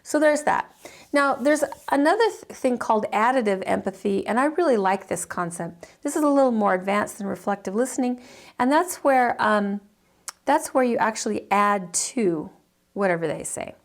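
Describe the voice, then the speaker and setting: A woman's voice: a little high, animated, moderate pace. A middle-aged woman teaching counseling skills in a chatty, informal way, acting out sample dialogues with many fillers and restarts. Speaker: counseling instructor.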